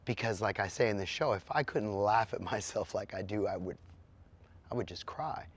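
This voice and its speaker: A man's voice: fairly low pitch, moderate pace, breathy edge. A middle-aged man, a musician, answering interview questions bluntly and with animation. He swears now and then and mimics sounds with his voice.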